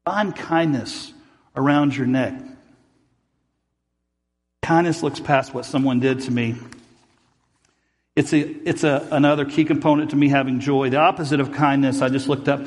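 A male pastor preaching a sermon in a church hall with a long reverb trailing after his words. His voice sits a little high for a man. He tells stories by acting out every side of the exchange. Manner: storytelling, acting out both sides of arguments.

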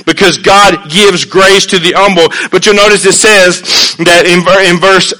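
A man preaching a sermon in an earnest, conversational way, swinging between hushed and emphatic, with folksy asides. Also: high-pitched, steady tone, normal speed, low-quality recording.

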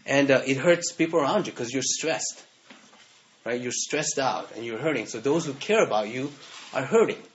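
A male pastor delivering a relaxed, conversational sermon, often tagging his points with a questioning "right?". His voice sits a bit high for a man. The recording is dull and lo-fi. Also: slight background noise. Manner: conversational, keeps asking "right?". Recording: dull lo-fi sound.

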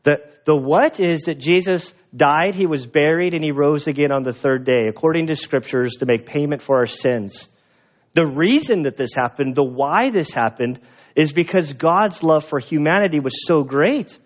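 A male pastor preaching a sermon, slow and earnest, often restarting his phrases. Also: a little high, animated. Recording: dull lo-fi sound.

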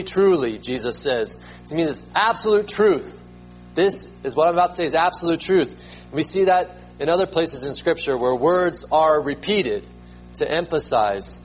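A man's voice: on the high side, poor audio. A man preaching a sermon as pastor, emphatic, repeating words and rising sharply when he proclaims them.

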